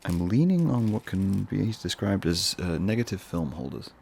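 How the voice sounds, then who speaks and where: A man's voice: low-pitched, sing-song, moderate pace, gravelly, a little mellow, slight background noise. A man hosting his own podcast, talking casually on his own in a rambling, musing way with self-mocking asides. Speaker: podcast host. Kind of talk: casual solo podcast monologue.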